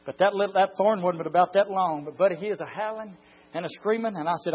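In a husky, raised voice, a drawling pastor preaches a fiery sermon, dropping low before stretching his words into long shouts. The recording is dull and lo-fi.

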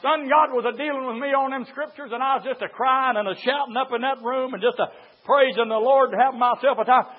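An older man with a drawl preaches in a church, his voice sitting high. He drops to a hush, then climbs into fervent shouting. The recording is dull and lo-fi. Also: brisk. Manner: impassioned, swings from hushed to shouting. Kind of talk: sermon.

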